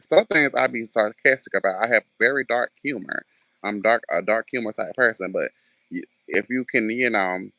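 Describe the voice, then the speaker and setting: A man's voice: lowish voice, creaky, sharp tone, dry recording. A man ranting casually to camera in a sassy, sarcastic way, swearing freely. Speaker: vlogger.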